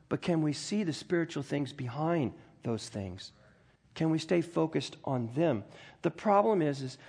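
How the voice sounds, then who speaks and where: A man's voice: fairly high pitch, vocal fry, darkish tone, slightly rough. A middle-aged man preaching a sermon as pastor, earnest and emphatic, often restarting and stumbling over words.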